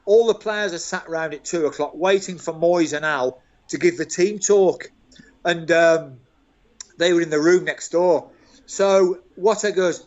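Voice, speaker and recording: An older man with a Birmingham accent tells story after story in an animated, chuckling way, pitched a touch high for a man. His voice comes through dull, lo-fi video-call audio. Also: moderate pace. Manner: animated storyteller, chuckles through tales, calls people mate. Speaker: guest, former club staff. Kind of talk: anecdotal interview storytelling.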